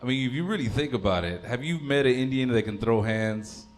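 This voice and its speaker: A man's voice: mid-range voice, animated, brisk. A man in his thirties doing a stand-up comedy set, rambling and crude, stopping on fillers. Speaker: stand-up comic.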